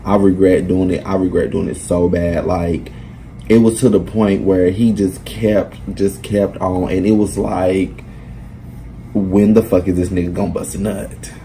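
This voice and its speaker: A young man, telling a blunt, profane, animated storytime to his vlog viewers. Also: sits low, a little slow, slight background noise, poor audio. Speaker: vlogger. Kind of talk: casual storytime monologue.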